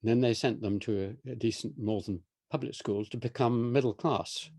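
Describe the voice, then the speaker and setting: An older English man on a video call, explaining history in a measured, pausing way with frequent restarts. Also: medium pitch, dark tone, dry recording, studio quality. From England. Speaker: interviewee, historian. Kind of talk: thoughtful conversational explanation.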